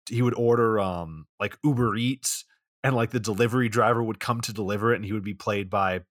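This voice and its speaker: A man's voice: fairly low pitch, brisk, no echo, studio quality. A man co-hosting a podcast, casually recapping a bad movie in a rambling, profane way full of "like". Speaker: podcast co-host.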